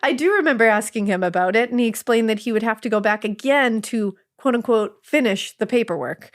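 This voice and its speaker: Sarcastic, high-pitched woman reading a story. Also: lively intonation, brisk. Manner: sarcastic, swears freely, laughs often. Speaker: podcast co-host reading a listener story. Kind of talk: casual storytelling read-aloud.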